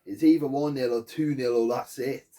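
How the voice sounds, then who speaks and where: A man's voice: medium pitch, steady tone, moderate pace, warm tone. A man giving an angry post-match fan rant, swearing heavily and hammering his points. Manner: angry, heavy swearing, emphatic. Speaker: football fan vlogger.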